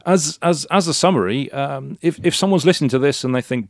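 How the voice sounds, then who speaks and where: A man's voice: mid-range voice, fairly quick, creaky, few pauses, no room sound. A man hosting a podcast interview, eager and stumbling over repeated words as he sums up and thanks his guest. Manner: eager, stammering restarts. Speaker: podcast host.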